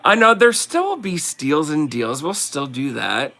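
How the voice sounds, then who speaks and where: A man's voice: fairly high pitch, sing-song, measured pace, vocal fry, bright, forceful tone. A man with a New Jersey accent hosting a casual livestream, rambling and chatty and laughing often as he sells collectibles. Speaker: livestream host selling collectibles.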